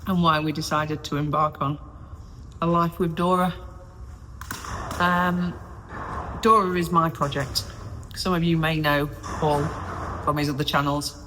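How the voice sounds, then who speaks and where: A woman's voice: sits low, a bit bright. A woman in her forties rambles cheerfully to a self-filmed camera, often drifting away from the mic as she works. The sound rings with a long echo off the hard walls of a small caravan, with a faint hiss of wind outside. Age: 40s. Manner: chatty, rambling, self-deprecating. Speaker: vlogger. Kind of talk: casual solo vlog chat. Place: small caravan interior under renovation, windy day. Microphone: self-filmed camera on a stabilizer, sometimes far off. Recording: echoey small room, faint wind noise.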